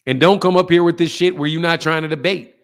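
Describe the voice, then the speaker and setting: A man hosting a boxing livestream talks in a fairly high voice, profane and confrontational. He ranges between loud outbursts and quieter mutters as he lectures his viewers. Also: fairly even intonation, quick pace. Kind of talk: heated livestream rant.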